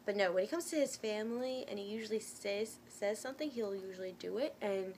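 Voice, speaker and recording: A woman's voice: medium pitch, a little fast, a little hiss or hum. A young woman telling a personal story to her viewers in a casual, chatty way. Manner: chatty and animated, many fillers and restarts.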